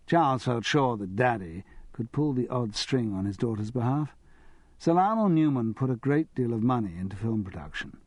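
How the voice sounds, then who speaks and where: A man narrating an audiobook in a wry, expressive manner. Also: mid-range voice, normal speed, no room sound.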